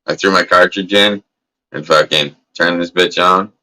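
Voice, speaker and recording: Casting: low-voiced man hosting a stream, loose and profane, coughs from smoking, sharp bright tone. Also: fairly even intonation, normal speed, poor audio. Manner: loose, profane, laid-back rambling. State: coughing now and then from smoking. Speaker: livestream host. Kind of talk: casual livestream chat. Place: indoors at a grow setup.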